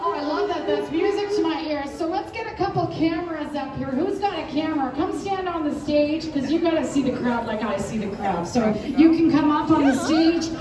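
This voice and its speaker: A woman emceeing a rally, hyping the crowd with energetic call-and-response chants. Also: sits high, a little fast, hardly any pauses, echoey room, distant mic. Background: crowd noise.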